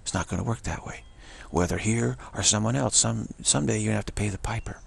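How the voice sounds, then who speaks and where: A man's voice: on the low side, fast talker. A man giving an informal religious sermon as a spiritual teacher, rambling and repeating himself, with emphatic declarations. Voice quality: gravelly, husky voice. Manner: rambling, repetitive, with many restarts and emphatic declarations.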